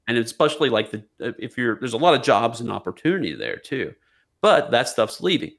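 A man co-hosts a podcast in a loose, swearing rant. He jokes and restarts his sentences as he talks. His voice sits at a middling pitch. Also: sing-song, a little fast, vocal fry, a bit bright. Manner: profane, joking, rambling with restarts. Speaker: podcast co-host. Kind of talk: casual political chat.

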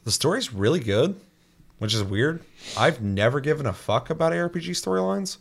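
A man in casual chat, loose and profane, rambling with lots of fillers and quick mimicked asides. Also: a little high, sing-song, creaky, breathy edge.

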